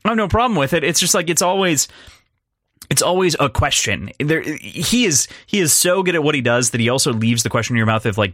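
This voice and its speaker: A young man co-hosting a podcast, talking through a film in a rambling, animated way, with restarts and laughs. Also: medium pitch, a little fast, dry recording, studio quality. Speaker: podcast co-host. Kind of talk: casual film discussion.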